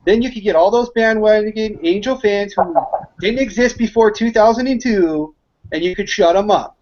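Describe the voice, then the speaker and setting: A man's voice: high-pitched, moderate pace, darkish tone, muffled recording. A man on a sports panel call who gives blunt, joking opinions. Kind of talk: casual panel talk over a call.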